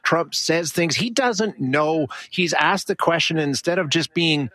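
Halting, slightly high-voiced male panelist. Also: fairly bright tone, no room sound. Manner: halting, exasperated, many restarts. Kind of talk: casual political panel talk.

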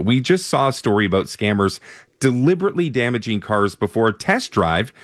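A man's voice: mid-range voice, no echo. Easygoing male radio host, dry sound. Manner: conversational, easygoing. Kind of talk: radio interview.

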